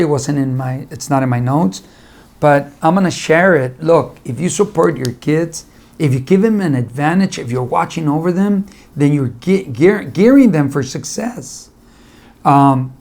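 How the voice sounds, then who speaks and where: Gravelly man telling motivational stories. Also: fairly high pitch, darkish tone. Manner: storytelling, acting out conversations, repeats advice for emphasis. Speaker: motivational speaker. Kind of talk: motivational talk with personal stories.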